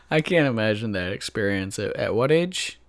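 A man's voice: on the low side, dry recording. A man co-hosting a comedy podcast, reacting with exasperated, sardonic comments. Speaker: podcast co-host. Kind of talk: casual comic banter.

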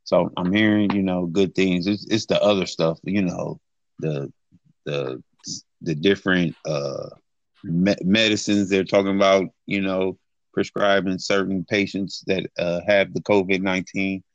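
A man co-hosting a podcast, talking casually in halting, hesitant bursts full of fillers. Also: low-pitched, fairly even intonation, no room sound, lo-fi sound. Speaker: podcast co-host. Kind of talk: casual chat.

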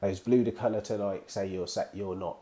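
Low, mellow-voiced man chatting. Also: fairly quick. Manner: relaxed, reflective, questioning. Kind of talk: casual chat.

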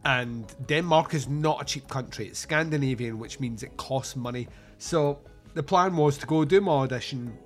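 A Scottish man from Scotland chatting casually about films, rambling through anecdotes and swearing freely. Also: medium pitch.

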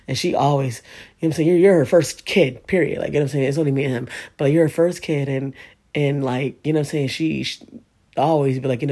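A woman's voice: very deep voice, fairly even intonation, fast talker, mellow, husky. A woman in her thirties telling a personal story in an emotional, rambling way, swearing often and filling her speech with asides. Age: 30s. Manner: emotional, profane, rambling with many fillers. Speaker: vlogger.

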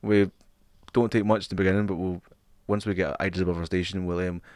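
A man's voice: low voice, level tone, fast, darkish tone, no room sound, clean studio sound. A man co-hosting a podcast in casual chat, swearing freely and laughing often. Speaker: podcast co-host.

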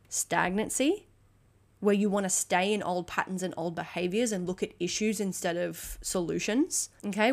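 A woman hosting a motivational podcast alone, talking emphatically and bluntly with frequent swearing and acting out quoted conversations. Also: mid-range voice. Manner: acts out quoted dialogue. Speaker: podcast host.

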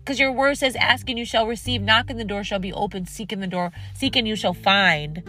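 A woman hosts a devotional podcast, preaching earnestly and stacking up repeated phrases for emphasis. Her voice sits at an ordinary middle pitch. Soft music plays faintly underneath her. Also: fairly quick. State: tired and dry-mouthed. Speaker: podcast host. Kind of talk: devotional talk and prayer.

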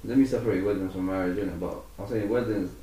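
A man, co-hosting a podcast in casual chat, relaxed and hesitant, often restarting his sentences. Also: lowish voice, fast. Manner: laid-back, hesitant restarts. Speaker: podcast co-host. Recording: roomy distant mic, faint noise.

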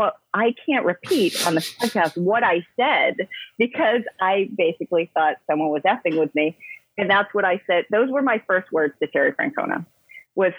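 Husky-voiced woman on a tinny line. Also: on the low side, dry recording. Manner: emphatic, chatty, many fillers and restarts. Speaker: interview guest, yoga coach for pro athletes. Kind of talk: casual interview storytelling. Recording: dry, phone-like narrow sound.

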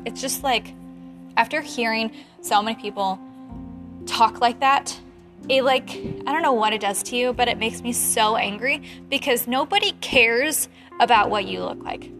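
Young woman, late 20s, fairly high voice, heated casual chat, music bed underneath. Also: normal speed. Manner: animated, heated, laughs often. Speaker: photographer.

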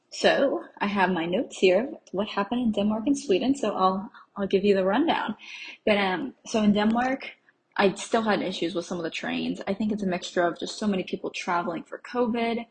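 A woman's voice: on the low side, creaky, poor audio. Chatty young American woman. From USA. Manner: chatty and rambling, laughing at herself. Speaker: travel podcast host. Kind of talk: casual travel recap.

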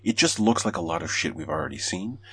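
A man's voice: deep voice, lively intonation, quick pace, fairly bright tone, a little hiss or hum. A man hosting a casual gaming podcast, reading out news and giving blunt, opinionated takes with plenty of swearing.

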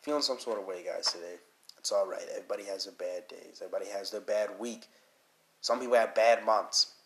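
A man with a fairly low voice hosts his solo podcast while sick with a cold, and he needs to blow his nose. He rambles casually and leans on fillers. His talk is earnest and encouraging. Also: brisk, background noise. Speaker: podcast host.

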